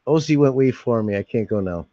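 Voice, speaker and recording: A man's voice: medium pitch, expressive, brisk, mellow, no room sound. A man hosting a casual late-night livestream from home, rambling, joking and laughing often. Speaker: livestream host. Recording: dull dry home mic.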